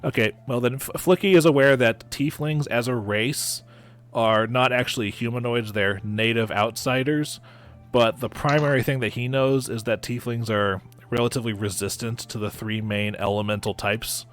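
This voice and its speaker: Stammering game master. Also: male voice, mid-range voice, fairly even intonation, moderate pace. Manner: stammering, repeats words. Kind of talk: narrating a tabletop game.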